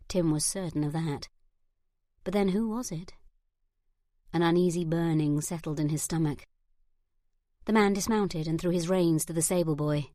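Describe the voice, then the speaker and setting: Low-voiced woman narrating an audiobook. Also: dark tone, no echo, clean studio sound. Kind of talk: scripted narration.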